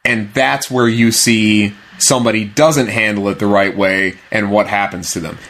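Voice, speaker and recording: A man's voice: on the low side, steady tone, moderate pace, a bit bright. A man co-hosting a podcast, explaining his view of a film with earnest emphasis in casual talk. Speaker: podcast co-host.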